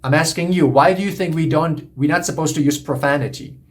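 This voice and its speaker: A man's voice: on the high side, brisk. A man coaching on relationships, lecturing in an earnest, repetitive, emphatic way. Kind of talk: monologue lecture to camera.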